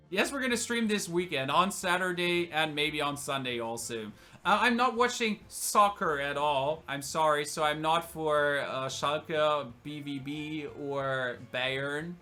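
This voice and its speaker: A man's voice: a little high, sharp tone. A young man from Germany with a German accent, joking and chatting casually as a streamer answering viewer questions. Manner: chatty, joking, laughs often. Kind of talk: casual Q&A livestream.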